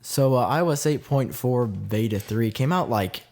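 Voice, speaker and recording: A man hosting a casual tech podcast, lively and quick to jump between points. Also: mid-range voice. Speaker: podcast host.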